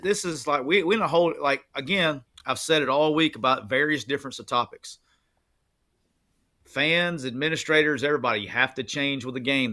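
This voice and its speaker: Once a player himself, this postgame analyst rants with a bright, forceful, mid-range voice. His commands come out fiery and profane, like a coach barking orders.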